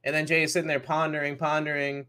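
High-pitched dude on a wrestling podcast, stammery, kinda teasing. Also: male voice, completely flat delivery, fast, bright, forceful tone, clean tone. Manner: teasing, stammers, repeats himself. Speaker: podcast co-host. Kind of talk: casual wrestling recap chat.

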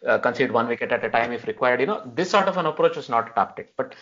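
A man's voice: mid-range voice, animated, noisy background. A man hosting a podcast, casually and analytically discussing cricket and often checking in with "right?". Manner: measured, analytical, frequent "right?" tags. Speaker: podcast host. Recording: dull lo-fi audio.

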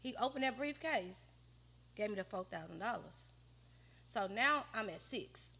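A woman's voice: medium pitch, animated, moderate pace, creaky, sharp tone, breathy edge. A woman guest on a podcast, telling a personal story in a slangy, conversational way. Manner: slangy, conversational, often quoting others.

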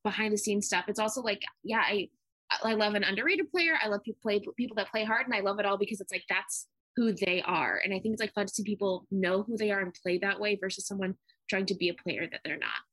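A woman's voice: mid-range voice, fast, fairly bright tone, dry recording. A young woman co-hosting a podcast in casual chat, gushing and acting out her own reactions, swearing freely. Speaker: podcast co-host.

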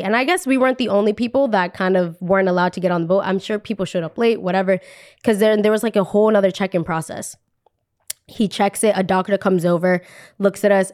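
A woman's voice: medium pitch, a little mellow. A young adult woman hosting a podcast, telling a personal story in a casual, chatty way, repeating phrases for emphasis and saying "like" often.

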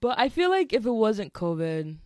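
A young woman, a college freshman, chatting casually as a podcast guest in a relaxed, low-key way. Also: moderate pace, no room sound. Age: young adult. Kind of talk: casual chat.

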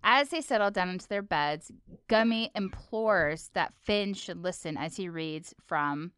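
A woman co-hosting a podcast, recapping a cartoon episode in an expressive, animated way. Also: on the low side, measured pace, clean tone, no echo, clean studio sound. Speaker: podcast co-host. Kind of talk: casual episode recap chat.

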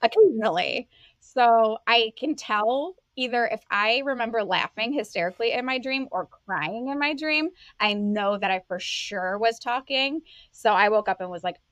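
A woman's voice: on the high side, normal speed, a bit bright, no room sound. Chatty woman podcaster, dry close mic. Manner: chatty, self-correcting, laughs mid-sentence. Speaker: podcast co-host. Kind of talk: casual chat.

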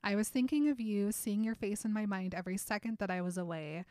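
A woman co-hosting a casual chat, reading book passages aloud in a softer voice and laughing often. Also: mid-range voice, a little fast, no echo. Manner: reads quotes softly, laughs often. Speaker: podcast co-host.

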